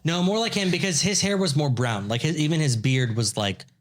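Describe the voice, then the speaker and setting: A man's voice: a little high, brisk. Man joking young podcast co-host. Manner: joking, teasing interjections. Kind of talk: casual chat.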